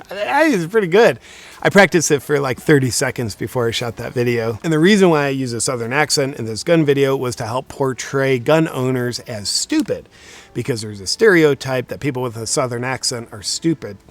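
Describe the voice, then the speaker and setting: A young man talks straight to camera in a sarcastic comedic monologue. His mid-pitched voice keeps a deadpan, mock-serious tone throughout. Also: normal speed. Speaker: video host.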